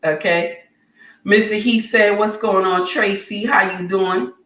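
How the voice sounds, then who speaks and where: A woman's voice: medium pitch, steady tone, a little slow, distant mic. Woman, livestream host; blunt and preachy, set off from the mic. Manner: preachy, blunt, scolding, raises voice to shouting. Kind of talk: impassioned livestream rant, then reading chat. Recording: roomy sound, voice away from the mic.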